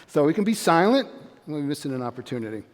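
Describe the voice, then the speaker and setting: An older man with a fairly high voice delivers a lively motivational talk, firing questions at his audience and urging them to join in. His voice rings with a long hall reverb, as if in a large room. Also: fast. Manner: energetic, quizzes and calls out to the audience. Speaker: motivational speaker.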